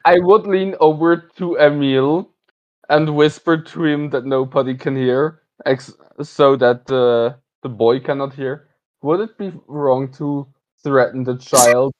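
A player in a tabletop game speaking in a measured, careful way. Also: medium pitch, fairly even intonation, darkish tone, dull audio. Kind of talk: in-character tabletop play.

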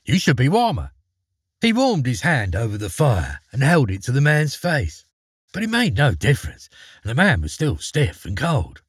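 A man with a husky voice narrating a fairy tale, with dramatic swings in pitch. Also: wildly swooping pitch, moderate pace, no room sound, studio quality. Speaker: storyteller. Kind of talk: expressive storybook reading.

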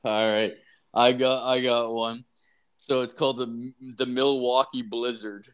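A man's voice: mid-range voice, little pitch movement, measured pace, smooth. A young man co-hosting a podcast, telling rambling crude stories full of "like" and swearing. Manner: rambling storyteller, many "like"s, swears freely. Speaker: podcast co-host. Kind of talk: crude casual podcast banter.

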